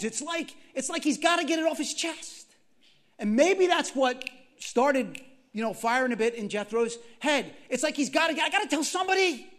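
Male preacher, very high voice, animated sermon delivery, repeats phrases and quizzes the room. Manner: animated, repeats phrases for emphasis, questions the congregation. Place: church gathering.

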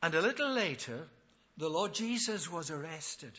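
A man preaching a sermon with passion, acting out the quoted speakers and swinging from loud appeals to hushed tones. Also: on the high side, lively intonation, normal speed, husky. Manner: acts out biblical speakers in quoted voices. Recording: dull lo-fi recording.

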